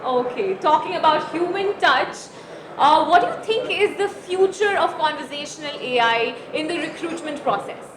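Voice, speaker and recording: High-voiced woman hosting in an echoey hall. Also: expressive, normal speed. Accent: Indian English. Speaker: event host interviewer. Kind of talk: conference interview. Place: busy conference hall. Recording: echoey hall with crowd chatter.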